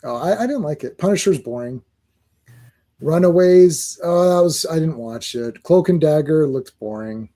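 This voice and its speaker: Blunt excitable man with a mellow voice. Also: on the high side, moderate pace. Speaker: podcast co-host. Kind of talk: casual chat.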